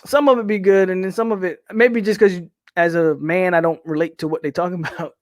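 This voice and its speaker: High-voiced opinionated man, casual host. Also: fairly even intonation, fairly quick, dry recording, clean studio sound. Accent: Southern US. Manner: loose, opinionated, trails off and restarts. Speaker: podcast host reading chat questions. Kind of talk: casual live-stream chat.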